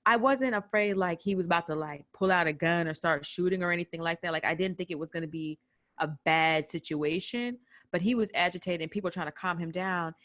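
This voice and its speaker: Woman with a low, dry voice, storytelling. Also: brisk, no room sound. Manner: animated retelling with quoted voices. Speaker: podcast guest recounting a protest. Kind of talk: personal storytelling in casual chat.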